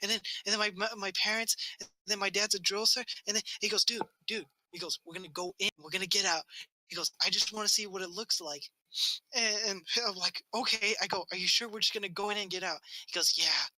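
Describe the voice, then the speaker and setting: A man's voice: high voice, fairly even intonation, fast, pushed and bright, dry recording, low-quality recording. A man on a casual podcast telling a rambling childhood story, swearing often and acting out what people said. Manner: rambling, swears a lot, acts out quotes. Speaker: podcast co-host.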